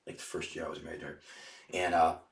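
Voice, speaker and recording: A man, a podcast guest, telling rough stories in a rambling, profanity-heavy casual way. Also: a bass voice, level tone, quick pace, recorded from a distance. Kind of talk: casual storytelling. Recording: echoey room, off-mic.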